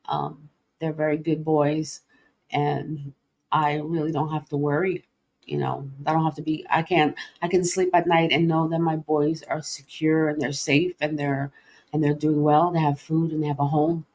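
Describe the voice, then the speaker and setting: Middle-aged female host, lowish voice, candid and emotional, halting with fillers. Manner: open, emotional, many fillers and restarts. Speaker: podcast host. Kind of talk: personal livestream talk.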